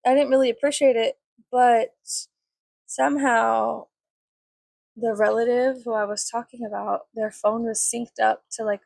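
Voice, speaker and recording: Chatty, cursing woman with a gravelly voice. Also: a little high, darkish tone, dry recording. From Mexican family. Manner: chatty, swears often, filler-heavy, rambling. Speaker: vlogger. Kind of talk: casual storytime while doing makeup.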